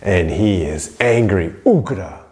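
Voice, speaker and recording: A man's voice: deep voice, animated, slow pace, dark tone. A man teaching a spiritual story in a casual, rambling way, full of fillers. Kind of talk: storytelling lesson.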